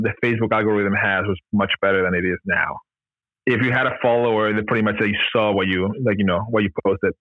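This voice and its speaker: A man's voice: on the low side, no room sound, phone-quality sound. A man telling his story as a podcast guest in a loose, rambling way, full of "like" and "you know", often laughing at himself. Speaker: podcast guest, gear company founder. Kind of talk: casual storytelling in an interview.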